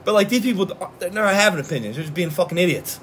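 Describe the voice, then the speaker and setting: A man's voice: high voice, animated, fast, fairly bright tone, slight background noise. A man co-hosting a casual sports podcast, loose and laughing, swearing freely. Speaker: podcast co-host.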